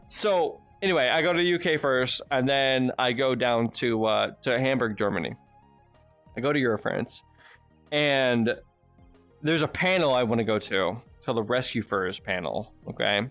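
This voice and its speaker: An American man telling his stream viewers a casual story, animated and profane, laughing often. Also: mid-range voice, dry recording, highs cut off. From United States. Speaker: streamer and channel host.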